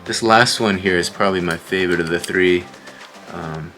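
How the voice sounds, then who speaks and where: A man's voice: low-pitched, moderate pace, background noise. A man casually showing and describing his thrift finds to viewers in a loose, rambling way, with lots of filler words. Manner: relaxed, rambling, frequent "uh" fillers. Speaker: online reseller. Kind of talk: casual show-and-tell vlog.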